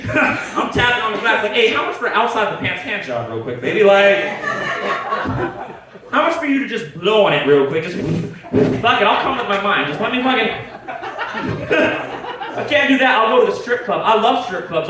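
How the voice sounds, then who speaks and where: A man doing a crude stand-up set, laughing at his own jokes and swearing a lot. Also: high voice. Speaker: stand-up comedian. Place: comedy club stage. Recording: echoey club, distant mic, crowd noise.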